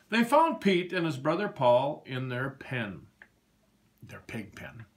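Animated man reading a picture book. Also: mid-range voice, slow. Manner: animated, sing-song storytelling. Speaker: children's book reader. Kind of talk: picture book read-aloud.

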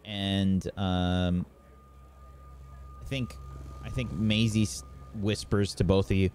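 A man acting as game master, narrating the scene in a relaxed, meandering way with many fillers. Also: deep voice, slow pace, long pauses.

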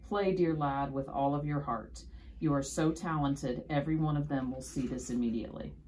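A woman's voice: rumbling low, normal speed, a little mellow, slight background noise. A woman reading a storybook aloud, voicing an enthusiastic, kindly male music teacher who chirps with eager encouragement.

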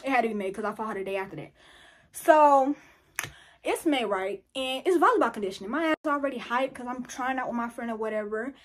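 A teenage girl telling a story in casual chat, animated and full of profanity and slang. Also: a little high, fast. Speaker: vlogger.

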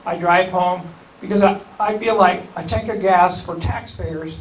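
A man's voice: high-pitched, steady tone, a little slow. A man, a county school superintendent, talking informally to a group, rambling and correcting himself with small chuckles. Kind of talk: informal talk to a civic group. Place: meeting room. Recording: echoey room, distant mic, faint hiss.

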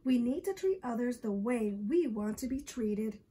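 A woman voicing a kind, patient schoolteacher who explains gently. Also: a little high, lively intonation, moderate pace, natural voice.

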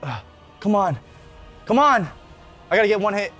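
Shouting, swearing high-voiced man gaming. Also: moderate pace, soft background music. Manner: loud excitable yelling and swearing at the game. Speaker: gameplay commentator. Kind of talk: let's play banter.

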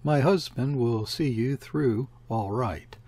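A man voicing a calm, subdued shopkeeper's wife. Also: medium pitch, slow pace, slightly rough. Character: placid, incurious London shopkeeper's wife.

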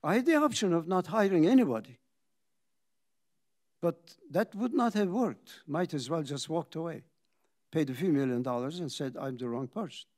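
An older man, a company founder, tells his story in a reflective talk, pausing for drama and acting out the conversations he recounts. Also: fairly high pitch, expressive, a little mellow. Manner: dramatic pauses, acts out quoted dialogue.

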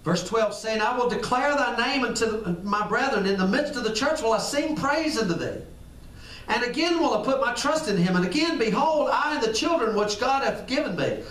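A man's voice: very high voice, animated, moderate pace, fairly bright tone. A man preaching a casual, conversational sermon, acting out little dialogues and repeating phrases for emphasis. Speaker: pastor. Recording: echoey room, far from the mic.

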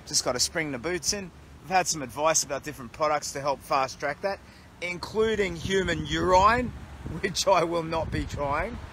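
Chatty Australian man with bright tone. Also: a little high, moderate pace, slight background noise. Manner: chatty, upbeat, reading viewer comments aloud. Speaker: charity walker livestreaming. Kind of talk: casual livestream chat. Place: outdoors by a road, resting against a tree.

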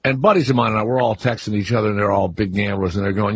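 A man's voice: fairly low pitch, fairly even intonation, very fast, slightly rough, no echo. A man from New Orleans hosting a radio talk show, asking questions in a rambling way with many restarts. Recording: dull lo-fi radio audio.

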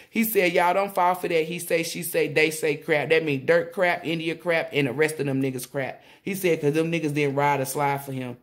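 A woman tarot reader talking casually to viewers, rambling and excitable, often exclaiming and relaying messages in blunt slang with swearing. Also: low voice. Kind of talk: casual spiritual reading to viewers.

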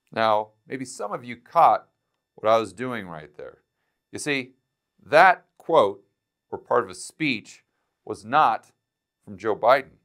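A man's voice: medium pitch, lively intonation, measured pace, a bit bright. A man hosting a finance video, talking straight to camera with sarcasm and emphatic repetition. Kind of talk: direct-to-camera economic commentary.

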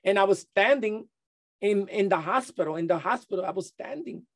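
Middle-aged man, interview guest; halting testimony, lots of restarts. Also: high-pitched, expressive. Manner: halting, many restarts and repeated words.

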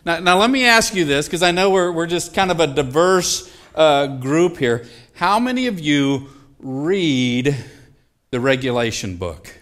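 A man's voice: a little high, expressive, unhurried, a bit bright. A middle-aged male pastor preaching a sermon in a loose, joking, conversational way, often asking the congregation questions. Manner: conversational, jokey, asks the audience questions. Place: church sanctuary.

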